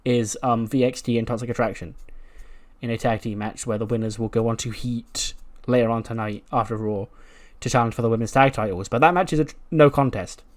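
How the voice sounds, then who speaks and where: A man's voice: mid-range voice, fairly even intonation, fairly quick. A man casually narrating a wrestling sim playthrough in a chatty, self-mocking way, often laughing at himself. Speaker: let's-play narrator. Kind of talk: casual game commentary.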